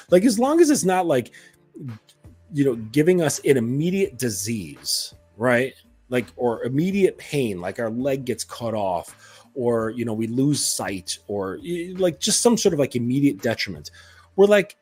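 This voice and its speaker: A man's voice: medium pitch, sing-song, unhurried, husky, faint music behind. A man coaching other men in a casual monologue, blunt and profane, with many fillers. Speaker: dating and self-improvement coach.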